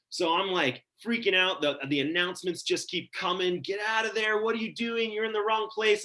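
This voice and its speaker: Bright-voiced storytelling man from Wyoming. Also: on the high side. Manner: casual, animated, many "like" fillers. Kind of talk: live storytelling at a story slam.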